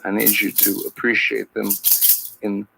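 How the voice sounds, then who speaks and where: A man's voice: fairly low pitch, completely flat delivery, measured pace, creaky, over music, low-quality recording. A man hosting a satirical podcast, rambling through his questions with many restarts. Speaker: podcast host.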